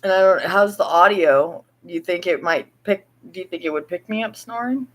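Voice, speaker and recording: A woman's voice: lowish voice, rough recording. A woman chatting casually to viewers at home at night, rambling and laughing as she talks. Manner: rambling, laughing, slow and drawn-out. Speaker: vlogger.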